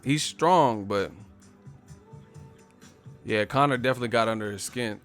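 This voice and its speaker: A man hosting a boxing live stream in casual chat, animated, swearing freely and laughing a lot. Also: mid-range voice, normal speed, long pauses, faint music behind.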